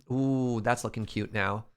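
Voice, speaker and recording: A man's voice: mid-range voice, fairly even intonation, slow. A man casually commenting as he streams a building game, chatty and playful, talking to his chat.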